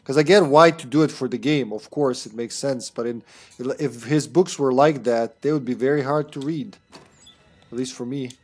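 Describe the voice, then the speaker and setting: Young man, streamer, casual rambling commentary, mild swearing, mid pitch. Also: moderate pace, a little mellow, faint music behind.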